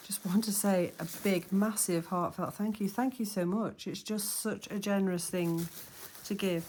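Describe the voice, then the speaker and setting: A woman's voice: medium pitch, darkish tone, slight background noise. A middle-aged woman chatting casually through a crafting vlog, gushing and sentimental as she unboxes and works. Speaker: dolls house hobby vlogger.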